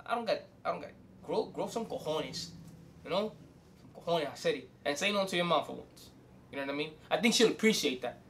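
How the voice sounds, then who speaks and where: A young man hosting his own channel, ranting casual advice to the camera in an animated, swearing way, switching between English and Spanish. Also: high-pitched. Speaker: host.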